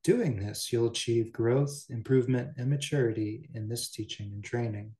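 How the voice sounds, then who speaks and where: A man giving a Buddhist teaching, reading a story and adding relaxed asides. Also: mid-range voice, moderate pace. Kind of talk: dharma talk, reading and commenting. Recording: roomy echo.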